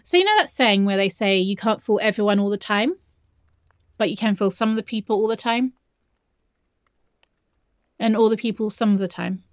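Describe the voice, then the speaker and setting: A woman's voice: mid-range voice, normal speed, long pauses, dry recording, studio quality, close to an everyday voice. A young woman acting a shy, nervous lover in an audio role-play, stammering and hesitating as she speaks to her partner.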